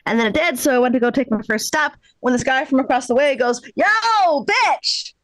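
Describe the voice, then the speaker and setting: High-voiced Canadian woman telling jokes. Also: quick pace, no echo, poor audio. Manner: chatty, self-deprecating storytelling with filler words. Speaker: stand-up comic. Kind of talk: stand-up comedy. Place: comedy club stage.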